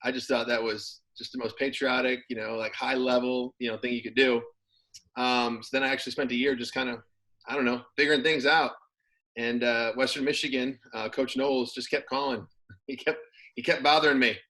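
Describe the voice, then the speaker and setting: A man talks in a relaxed, meandering way as an interview guest, leaning on plenty of fillers. His pitch sits in the middle range, and he keeps an easygoing conversational pace. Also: a little fast, rough recording. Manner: relaxed, rambling with many fillers. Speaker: former pro football player, guest. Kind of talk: casual interview.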